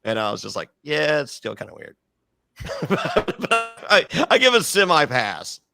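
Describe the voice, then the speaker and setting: A man co-hosting a casual recap podcast, animated and laughing often as he acts out quotes. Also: on the high side, a little slow, vocal fry. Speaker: podcast co-host.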